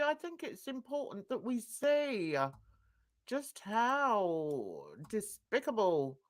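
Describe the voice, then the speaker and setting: A woman's voice: a little high, a bit bright. Scornful woman streaming. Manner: scornful, laughing, exclamatory. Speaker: host of a live reaction stream. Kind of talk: live reaction commentary.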